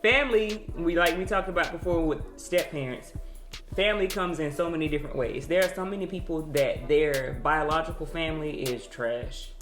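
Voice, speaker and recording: A woman's voice: sits low, moderate pace, roomy sound, soft background music. A woman co-hosting a casual talk show, speaking frankly and laughing often. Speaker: co-host. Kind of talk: casual chat.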